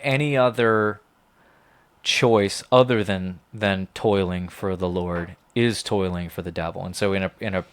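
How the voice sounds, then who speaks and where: A man co-hosting a podcast in casual chat, talking in a measured, reflective way with careful restarts. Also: low voice, fairly even intonation, clear, resonant tone. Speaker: podcast co-host.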